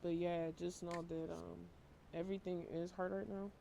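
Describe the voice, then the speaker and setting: A worn-out man giving a casual tarot reading to camera, talking in a flat, low-energy monotone and swearing casually. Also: normal speed, gravelly, slight background noise. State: emotionally worn out. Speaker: tarot reader.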